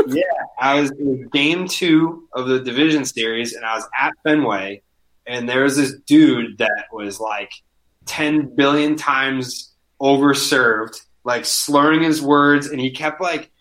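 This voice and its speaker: A man chatting casually as a podcast guest, telling animated stories, swearing freely and saying "like" constantly. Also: mid-range voice, slow. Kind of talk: casual chat, storytelling.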